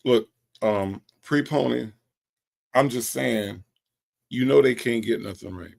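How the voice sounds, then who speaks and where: A man hosting a livestream, reading out viewers' comments and firing back with sassy, repeated emphasis. His voice is gravelly and mid-pitched. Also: takes it slowly, a little mellow. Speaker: host.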